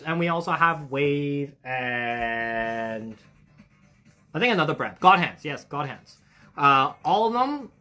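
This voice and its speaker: A man's voice: a little high, fairly bright tone. A man hosting a casual hobby shop stream, chatting his way through a product explanation. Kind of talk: casual livestream chat.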